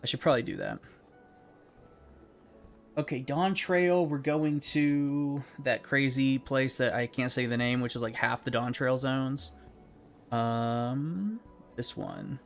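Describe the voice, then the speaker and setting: Young male streamer, mid-pitched, loose and profane, chatting over a game with faint music underneath. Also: slow pace. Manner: rambling, profane, laid-back. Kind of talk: casual gaming stream chat.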